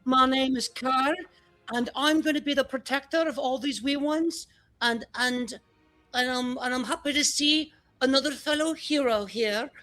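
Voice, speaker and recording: A game master voicing a cocky little orc boy who leads the other children, talking in a high, eager, boastful voice. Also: normal speed, bright, forceful tone. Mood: proud.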